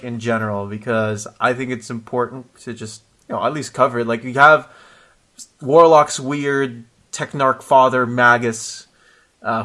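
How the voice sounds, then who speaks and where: A man chatting casually as a podcast co-host, his voice sitting at an ordinary middle pitch. He is animated, laughs a lot and breaks off mid-sentence to start over. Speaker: podcast co-host discussing comics. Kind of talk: casual chat.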